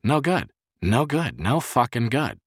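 A man's voice: fairly low pitch, expressive, fast, fairly bright tone, dry recording, studio quality. A male narrator voicing an irritable, paranoid man in constant pain who talks in tense, snapping bursts. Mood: bitter.

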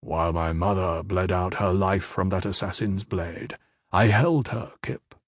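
A man voicing a stern male military commander with a low, gravelly voice, speaking slowly and levelly. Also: no echo, studio quality. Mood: grieving. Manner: level, slow and heavy.

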